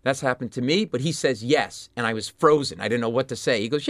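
A man from Rhode Island, a stand-up comedian telling lively anecdotes in an interview and jumping into loud voices of the people in them. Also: mid-range voice, quick pace, dry recording, studio quality. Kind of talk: animated storytelling in an interview.

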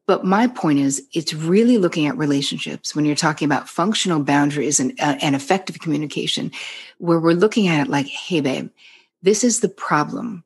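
Low husky New Jersey woman, candid. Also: brisk. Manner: candid storyteller, swears freely, acts out quoted dialogue. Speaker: psychotherapist guest. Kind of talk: casual podcast conversation.

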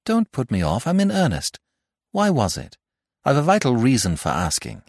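A man's voice: medium pitch, very animated, normal speed, a little mellow, no room sound, clean studio sound, pitched above the performer's own voice. A man voicing a frantic, distraught young man. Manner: urgent, distraught. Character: agitated anxious young man.

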